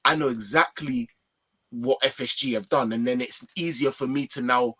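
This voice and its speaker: A man chatting about football on a video call, animated and full of slang, often talking over the others. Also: medium pitch, normal speed, breathy edge. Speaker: co-host. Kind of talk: casual football chat.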